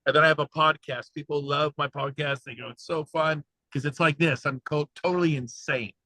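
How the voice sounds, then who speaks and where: Fired-up high-energy man in a car. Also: fairly even intonation, fairly quick, bright, forceful tone, no room sound, poor audio. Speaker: guest speaker, real estate agent coach. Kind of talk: excited video-call chat. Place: in a car, passenger.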